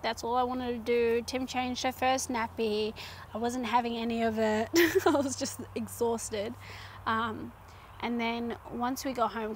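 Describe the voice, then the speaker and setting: A young woman telling a personal story in a casual vlog, animated and chatty, full of "like" and "um" and acting out her own past lines. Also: fairly high pitch, a little hiss or hum. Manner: chatty with fillers like "like" and "um". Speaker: vlogger.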